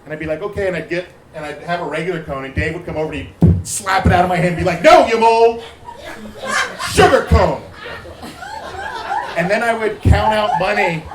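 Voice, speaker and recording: A man with a fairly high voice rambles through a stand-up set at a bar's open mic, stumbling over fillers and restarting his sentences. His voice bounces around an echoey room, with clear bar noise behind him. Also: steady tone, fast, hardly any pauses. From Ohio, USA. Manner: loose, rambling delivery with many fillers and restarts.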